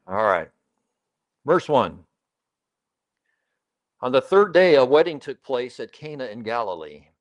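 A man preaching a sermon as pastor, in a conversational, emphatic way, putting questions to the congregation and repeating key phrases. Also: medium pitch.

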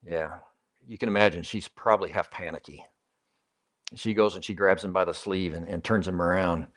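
A man's voice: sits low, steady tone, a little fast. Conversational male pastor preaching a sermon. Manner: conversational preaching, rhetorical questions to the congregation; emphatic, repeats key phrases.

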